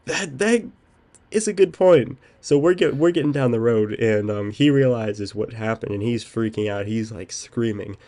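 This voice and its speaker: This young man hosting a podcast has a warm, medium-pitched voice at a normal pace. His storytelling is casual and meandering, scattered with frequent "um"s.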